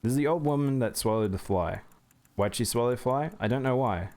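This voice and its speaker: A man's voice: medium pitch, a little fast, darkish tone. A man streaming live gameplay, chatting with viewers as he plays. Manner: chatty, reacts to chat and thanks viewers.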